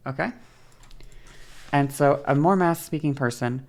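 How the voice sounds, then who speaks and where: Low-voiced woman, bouncy and casual. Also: a little slow, pauses often, a little mellow. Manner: bouncy, varied pitch and shifting pace; casual, swears freely. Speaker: streamer. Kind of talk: casual explanation on a livestream.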